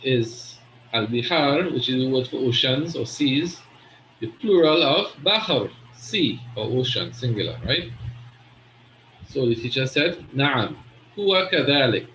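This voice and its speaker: A man's voice: medium pitch, very animated, measured pace, a bit bright, echoey room, a little hiss or hum, poor audio. A man teaching an Arabic grammar class, patiently explaining and often checking understanding with "right?".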